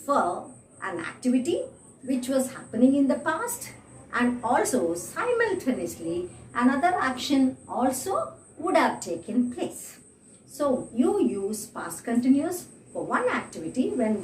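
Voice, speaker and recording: A woman's voice: on the high side, a little hiss or hum. A woman teaching an online English grammar lesson, repeating example sentences and checking in with her students. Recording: echoey room, mic at a distance.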